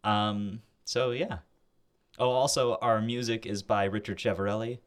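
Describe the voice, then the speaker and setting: A man's voice: lowish voice, steady tone, unhurried. A young man co-hosting a casual history podcast, joking and laughing as he chats. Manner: laughing, playful banter. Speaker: podcast co-host. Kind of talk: casual chat.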